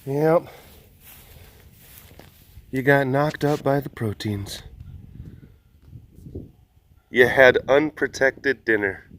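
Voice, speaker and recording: A man vlogging at a wild animal facility, cooing in high baby talk at the animals and joking between stories about them. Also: extremely slow, pauses often, fairly bright tone. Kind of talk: casual vlog talking to animals.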